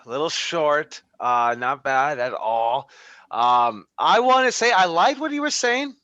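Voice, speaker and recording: Wrestling coach guy running class on a call, bright sharp voice, dry dull lo-fi sound. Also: on the high side, expressive, dry recording. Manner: brisk, encouraging. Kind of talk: running a class over video.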